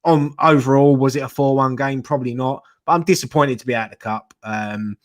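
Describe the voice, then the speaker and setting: A man's voice: medium pitch, fairly quick. A man hosting a live fan chat show, joking and laughing a lot as he leads the talk. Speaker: host.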